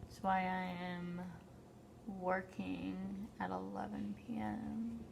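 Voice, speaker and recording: A woman vlogger chatting casually to camera while eating, often filling pauses with "like". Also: medium pitch, little pitch movement, vocal fry. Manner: chatty, lots of "like" fillers, talks while eating. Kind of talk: casual mukbang chat to camera. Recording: faint background noise.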